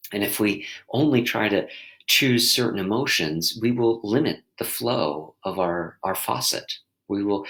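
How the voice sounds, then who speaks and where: A man talking gently as a mindfulness teacher, leading listeners through a reflective exercise and often restarting his sentences as he searches for words. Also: fairly low pitch, rough recording. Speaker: mindfulness teacher and podcast host.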